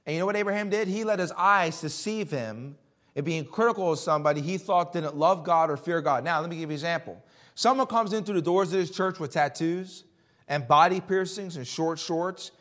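An adult Army veteran preaches a sermon that includes scripture reading, his somewhat high voice emphatic as he asks rhetorical questions. He swings between loud and hushed delivery.

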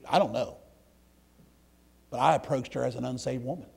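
Gravelly preacher, loud then hushed. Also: male voice, medium pitch, moderate pace. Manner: folksy, swings from loud outbursts to hushed near-whispers. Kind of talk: storytelling sermon.

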